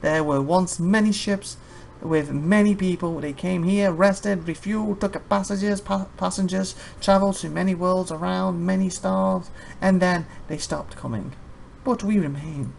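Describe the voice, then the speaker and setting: A let's-player reading aloud the lines of a solemn woman captain of a stranded colony in a video game, in a measured, formal way. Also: medium pitch, steady tone, gravelly, a little mellow, a little hiss or hum, pitched above the performer's own voice, natural voice. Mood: wistful.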